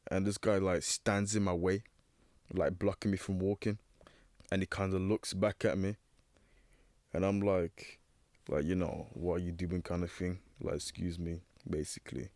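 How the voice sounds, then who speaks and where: Young man, late teens, low voice, hesitant, lots of fillers, dry close sound. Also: fairly even intonation, moderate pace, long pauses, darkish tone, no room sound. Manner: hesitant, filler-heavy, searching for words. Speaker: young guest. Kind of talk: casual personal storytelling.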